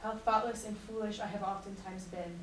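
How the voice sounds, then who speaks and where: A woman's voice: medium pitch, steady tone, moderate pace. Earnest woman heard from across an echoey room. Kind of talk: class presentation and dramatic letter reading. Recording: echoey room recorded from a distance, faint noise.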